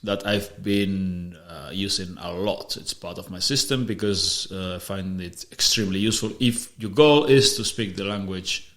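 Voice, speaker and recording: A man's voice: low-pitched, normal speed, hardly any pauses, a bit bright. A man hosting a podcast, explaining ideas in casual conversation, often restarting and repeating words. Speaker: podcast host. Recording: roomy echo.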